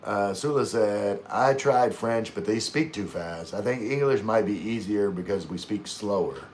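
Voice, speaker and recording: A man with a fairly low voice chats casually on a livestream, reading out comments and rambling as he loses his place. His talk wanders with restarts and blank moments, and a faint hiss sits behind him. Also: expressive, unhurried, darkish tone. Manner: rambling, chatty, loses his train of thought.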